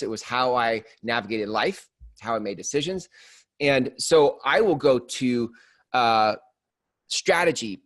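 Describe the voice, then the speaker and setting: A man's voice: mid-range voice, fairly bright tone. A man co-hosting a podcast, speaking reflectively and casually, with loose fillers and restarts. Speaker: co-host. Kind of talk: podcast conversation.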